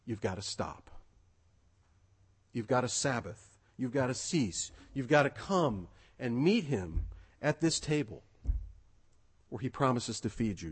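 A man's voice: mid-range voice, slightly rough. A male pastor preaching a sermon in an earnest, exhorting way, repeating his key phrases for emphasis.

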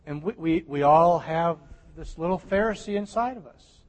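High-voiced preaching man in a reverberant hall. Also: moderate pace. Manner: animated, emphatic preaching with sudden drops to near-whisper. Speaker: pastor. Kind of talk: sermon.

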